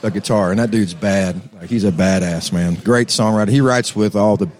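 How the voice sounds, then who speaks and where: A man's voice: fairly low pitch, normal speed, a little mellow. A man with a Texan accent, telling rambling stories as a musician guest on a casual chat show. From Texas. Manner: laid-back, rambling, laughs often.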